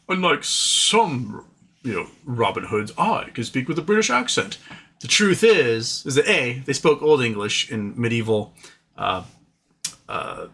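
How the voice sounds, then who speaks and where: A man hosting a live stream, talking fast and loosely, with many fillers and restarts. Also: mid-range voice, fairly bright tone, a little hiss or hum. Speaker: livestream host. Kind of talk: casual live-stream chat.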